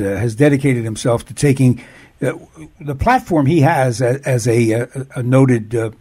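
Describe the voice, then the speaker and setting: A man's voice: mid-range voice, dark tone. A man hosting a radio talk show, stumbling over words with many fillers.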